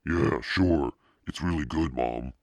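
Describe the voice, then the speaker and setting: A moody, self-conscious preteen girl, read out by a man in a voice that stays very low and gravelly. Her lines come slightly lifted and emphatic, close and dry, with no room around them. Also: normal speed, bright, forceful tone, no echo, heavily acted. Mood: awkward.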